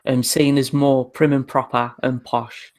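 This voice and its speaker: A man's voice: mid-range voice, little pitch movement, a little slow, darkish tone. A man, a podcast co-host asking curious questions in a casual, chatty way. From United Kingdom. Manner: inquisitive, chatty interviewer. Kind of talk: casual chat.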